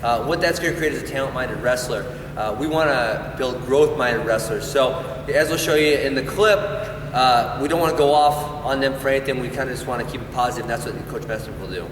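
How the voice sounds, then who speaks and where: A man's voice: medium pitch, a little fast. A man, a wrestling coach, giving direct, explanatory advice to parents. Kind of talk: instructional talk. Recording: echoey hall, distant mic, faint noise.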